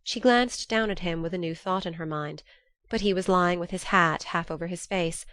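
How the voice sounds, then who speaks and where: A woman reads a classic novel aloud as a scripted audiobook, her delivery measured and even. Her voice sits on the low side, and there is no room sound.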